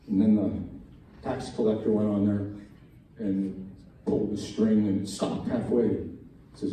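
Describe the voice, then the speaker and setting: A man tells jokes at a talent show in an easy, folksy storytelling way, slipping into small voice shifts for each character. His voice is low and very mellow. He is heard from far off in a strongly echoing hall, with faint room noise behind him. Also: normal speed. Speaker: joke teller at a college talent show. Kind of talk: stand-up joke telling. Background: faint room ambience, audience laughs.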